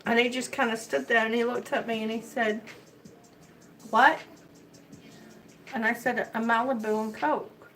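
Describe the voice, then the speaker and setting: High-voiced older woman, rambling storyteller. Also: little pitch movement, brisk, a bit bright, distant mic, soft background music, low-quality recording. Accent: mixed American Southern and Midwestern. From Miami. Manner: chatty storyteller, rambling with restarts. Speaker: vlogger. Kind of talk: casual chat.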